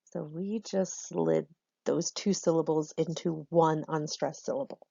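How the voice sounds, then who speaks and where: A woman's voice: low-pitched, fairly even intonation, measured pace, gravelly, dark tone, breathy edge, no echo, muffled recording. A woman teacher explaining a lesson patiently to students in a recorded online class, with frequent ums.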